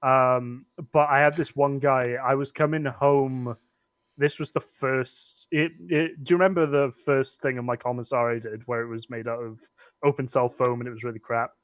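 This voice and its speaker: A man's voice: medium pitch, fairly even intonation, moderate pace, fairly bright tone, no room sound. Rambling man telling stories. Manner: rambling storyteller with restarts and laughs. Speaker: cosplayer and stream co-host. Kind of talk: casual chat.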